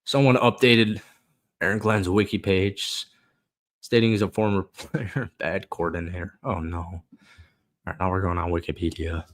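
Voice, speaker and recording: A man's voice: deep voice, steady tone, moderate pace. A young man hosting a football podcast, ranting casually with frustration, swearing and laughing.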